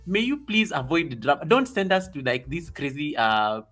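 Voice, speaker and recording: A man with a bright, forceful voice pitched a little high hosts a casual live stream and chats excitably with his viewers. Soft music plays faintly behind him. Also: moderate pace. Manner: excitable, reading viewer comments aloud.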